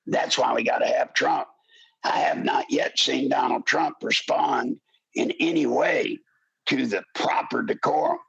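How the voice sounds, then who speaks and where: An older man hosting a political talk radio show, speaking with a gravelly voice in an impassioned, pleading monologue that rises into shouts. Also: medium pitch, big pitch swings, a little slow, lo-fi sound.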